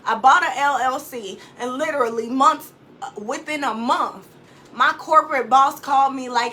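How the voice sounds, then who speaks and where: A woman life coach talks to her viewers from her home office, animated and repeating key lines for emphasis. Her voice sits high and sounds bright and forceful. A faint hum of the room stays behind her. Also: moderate pace. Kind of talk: motivational vlog talk.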